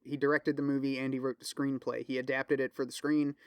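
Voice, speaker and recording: A man's voice: mid-range voice, level tone, a little fast, smooth, no room sound. Man, podcast host, casual monologue, swears freely, lots of ums, dry sound. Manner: loose, profane, filler-heavy rambling with restarts; enthusiastic recommending. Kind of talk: casual solo podcast chat.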